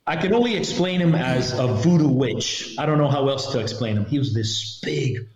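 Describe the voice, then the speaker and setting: A man's voice: mid-range voice, normal speed. Middle-aged man telling a story, roomy sound. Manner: animated storyteller who acts out the voices of others in his story. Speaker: guest, retired federal agent. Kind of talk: recounting a story in a podcast interview. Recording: roomy, slightly dull sound.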